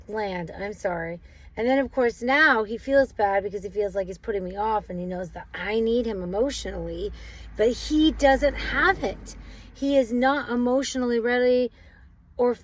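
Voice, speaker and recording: A married mother talking casually to other moms with lively emphasis and frequent restarts. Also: on the high side. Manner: animated, emphatic, many restarts. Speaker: married mother giving advice. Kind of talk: casual advice monologue.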